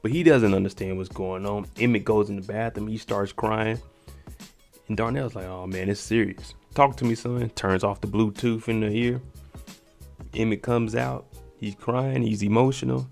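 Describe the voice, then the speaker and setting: A man with a low voice talks through a TV episode in a loose, slangy way. He stays animated and laughs easily, and faint music sits underneath. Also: normal speed, gravelly. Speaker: channel host recapping a TV episode. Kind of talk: casual recap commentary.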